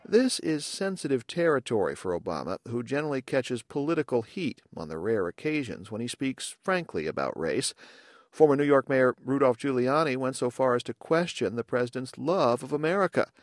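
A man filing a scripted radio news report in an even, measured newsreader delivery. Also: medium pitch, no room sound, studio quality.

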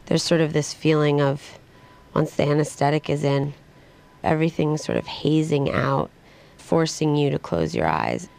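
A young woman recording a reflective audio diary in a hospital room, speaking quietly and matter-of-factly. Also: deep voice, expressive, normal speed, vocal fry. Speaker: patient keeping an audio diary.

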